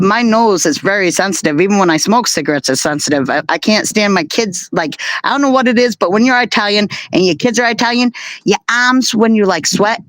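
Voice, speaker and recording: A woman's voice: fairly low pitch, fairly bright tone, no room sound, low-quality recording. Chatty laughing woman hosting a stream. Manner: chatty, laughs often, rambling anecdotes. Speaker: live stream host. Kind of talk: casual live stream chat. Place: bedroom by an open window.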